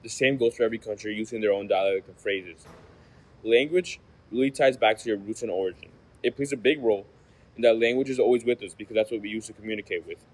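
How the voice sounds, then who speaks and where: A young man from the United States reading a class presentation, steady, often trailing off quieter at the ends of phrases. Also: fairly low pitch, fast talker, low-quality recording. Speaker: student presenter.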